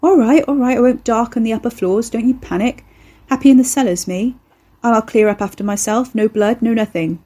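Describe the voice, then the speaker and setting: A woman's voice: on the high side, fairly quick, mellow, voice pushed up, natural voice. A woman voicing a cocky young man who is an eldritch horror in human form, talking in a casual, slangy, offhand way. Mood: breezy. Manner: casual, slangy, chatty, unbothered.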